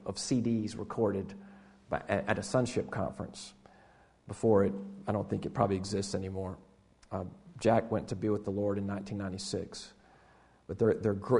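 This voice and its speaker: This man preaching in a church has a voice on the low side. As a pastor, he frequently restarts and repeats words, and his sermon shifts from loud, animated bursts to hushed, near-quiet moments.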